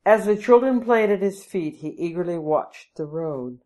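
A woman narrating a storybook in a measured, even way. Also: fairly low pitch. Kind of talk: storybook reading.

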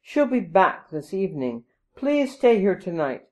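A woman reading a storybook and voicing a generous male prince living as a hermit, speaking gently and formally. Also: mid-range voice, very animated, unhurried, pitched above the performer's own voice. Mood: glad.

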